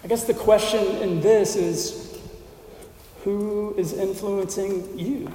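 A high-voiced male pastor preaching slowly in an echoey sanctuary. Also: warm tone, a little hiss or hum. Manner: measured preaching with deliberate pauses and emphatic lists. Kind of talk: sermon. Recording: roomy hall reverb, mic at a distance.

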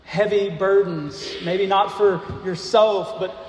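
A man preaching a sermon, speaking slowly and deliberately and asking rhetorical questions of the congregation. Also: high-pitched, fairly even intonation, darkish tone. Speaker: pastor. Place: church sanctuary. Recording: echoey hall, faint noise.

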